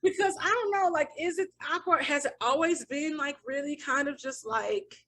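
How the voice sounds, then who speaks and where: A woman with a bright, forceful voice co-hosts a casual podcast chat. She talks at length, thinking aloud and restarting her sentences as she goes. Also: high voice, moderate pace. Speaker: podcast co-host.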